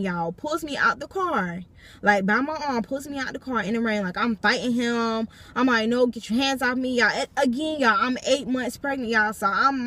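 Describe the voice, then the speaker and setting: A woman's voice: fairly high pitch, a bit bright. A young adult woman vlogger recounting a personal story from a parked car, talking emphatically and turning to her viewers again and again. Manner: emphatic, keeps addressing viewers directly. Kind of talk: storytime vlog.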